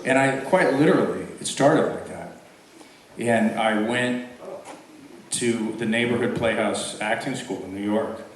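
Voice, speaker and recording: A man's voice: on the low side, measured pace. A man answering audience questions at a convention, telling self-mocking stories with frequent laughs. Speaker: convention guest actor. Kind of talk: casual Q&A storytelling. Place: convention hall. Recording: echoey hall, far from mic, crowd. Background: crowd.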